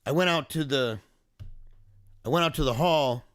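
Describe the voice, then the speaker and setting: A man's voice: fairly high pitch, moderate pace, fairly bright tone, no echo. A man speaking earnestly and emotionally in a personal video diary, recounting a family emergency as a father. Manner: earnest, emotional, reflective storytelling.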